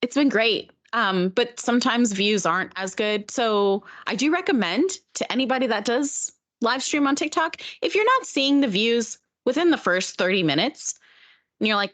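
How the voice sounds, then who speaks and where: A woman's voice: a little high, animated, normal speed, a bit bright. Giggly woman streamer chatting. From Oregon, USA. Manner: bubbly, laughs often. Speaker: guest streamer and dancer. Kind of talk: casual podcast chat.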